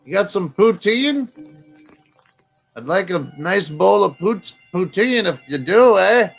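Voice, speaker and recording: A man's voice: high-pitched, big pitch swings, slow, gravelly, breathy edge, soft background music. A male host mocking a clip with teasing, ribbing banter. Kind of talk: mocking commentary over a clip.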